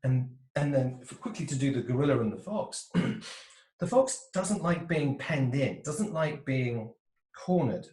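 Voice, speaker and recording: A man in an interview explains relationships with a very lively, rising and falling voice, now and then acting out the people he talks about. His voice sits in a middle register and carries a roomy echo, as if he speaks into a video call from a bare room. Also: medium pitch, recorded from a distance. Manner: animated, acts out little voices of quoted types. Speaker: interview guest, relationship coach.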